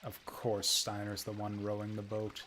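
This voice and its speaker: A man's voice: on the low side, monotone, normal speed, bright, forceful tone, slight background noise. A man streaming a video game, chatting casually and wryly thinking aloud as he plays. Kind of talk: casual let's-play commentary.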